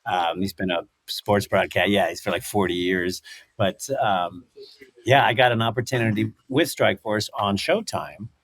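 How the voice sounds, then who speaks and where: Male guest, middle-aged, animated anecdotes with laughs, dry studio sound. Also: lowish voice, moderate pace, husky, dry recording. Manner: animated storyteller, acts out quotes, laughs often. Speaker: podcast guest, former fighter and broadcaster. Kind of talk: casual storytelling interview.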